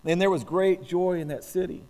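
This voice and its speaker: High-voiced man preaching in a reverberant hall. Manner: halting restarts, rising to loud emphatic preaching. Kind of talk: sermon with scripture reading. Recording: long reverb of a large hall.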